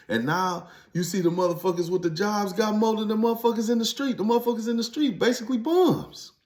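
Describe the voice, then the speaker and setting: A man's voice: mid-range voice, darkish tone. A former inmate telling his story in a casual, blunt, heavily profane monologue that rises to emphatic preaching.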